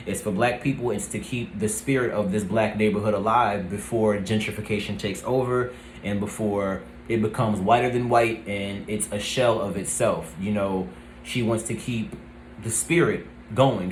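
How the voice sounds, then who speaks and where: A man giving a casual, rambling recap of a TV episode, often pausing with "let's see" and "um". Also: on the low side, slight background noise. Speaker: TV review vlogger. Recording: roomy echo.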